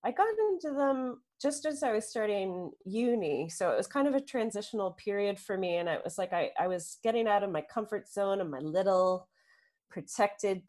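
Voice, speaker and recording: A woman in her thirties, from the United States, co-hosting a casual chat and telling jokey, animated stories. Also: lowish voice. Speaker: podcast co-host.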